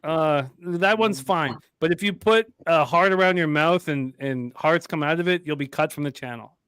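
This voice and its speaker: A man with a high voice co-hosts a live football betting stream in a dry, close-miked sound. He jokes, swears and laughs often while reacting to the game. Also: normal speed, fairly bright tone, clear, resonant tone, dry recording. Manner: joking, profane, laughs often. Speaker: podcast co-host. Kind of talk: casual sports live stream banter.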